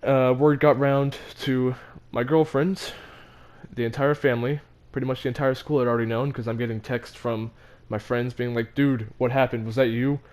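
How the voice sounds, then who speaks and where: A teenage boy tells a personal story in a loose, casual way. His voice sits at an ordinary middle pitch. He laughs between phrases and often restarts his sentences. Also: fairly even intonation, normal speed, a little mellow. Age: teens. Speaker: vlogger.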